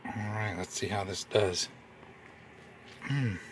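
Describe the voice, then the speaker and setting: A man's voice: medium pitch, animated, measured pace, pushed and bright, a little hiss or hum. A man chatting casually in a cooking vlog from inside his RV, upbeat and laughing often. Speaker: RV vlogger.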